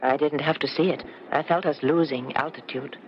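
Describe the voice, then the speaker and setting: An actress voices a middle-aged Frenchwoman, once a resistance fighter, with a lilting, teasing warmth toward her husband. It is a 1970s radio drama, sounding muffled on an old broadcast with a steady hiss. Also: deep voice, normal speed, close to an everyday voice. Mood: tender.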